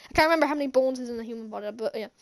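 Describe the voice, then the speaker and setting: A woman giving an excited, rambling movie recap as a vlogger, gushing, with lots of fillers and restarts. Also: on the high side, very fast.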